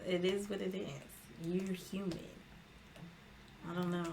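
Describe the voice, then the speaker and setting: A young woman as a guest on a casual talk show, speaking frankly with many fillers and quick laughs. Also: on the low side, level tone, creaky, background noise. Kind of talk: casual chat.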